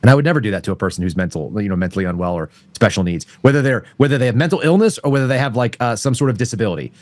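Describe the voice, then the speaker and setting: A man's voice: medium pitch, expressive, racing, darkish tone, no room sound. Blunt, profane man in a dry room. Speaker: guest. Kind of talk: casual chat.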